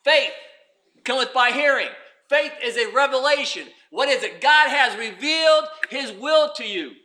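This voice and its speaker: High, bright-voiced male preacher. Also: lively intonation, unhurried. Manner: preaching with swings from loud to hushed. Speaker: pastor. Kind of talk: sermon.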